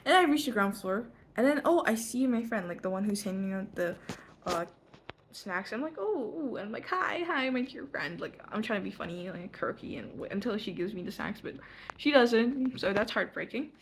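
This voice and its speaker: A teenage girl films herself on her phone's front camera at home and tells a story in a loose, rambling way. Her voice sits at a middle pitch, and a faint hiss stays under it. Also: moderate pace. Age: teens. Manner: rambling, full of "like" and self-corrections. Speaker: vlogger. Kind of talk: casual storytelling vlog.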